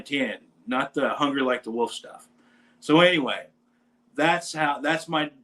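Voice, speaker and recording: A man with a middle-pitched voice tells a long rock-and-roll anecdote in a relaxed, rambling chat. He is animated and jumps between his own words and the voices of the people in his story. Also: poor audio. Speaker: podcast host; bass player in a metal band.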